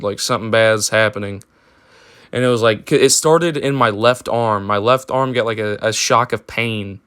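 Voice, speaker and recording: A man's voice: medium pitch, a bit bright, clean tone, dry recording, studio quality. A young man telling a personal story in a casual, rambling way, with lots of fillers and swearing. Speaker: storytime vlogger.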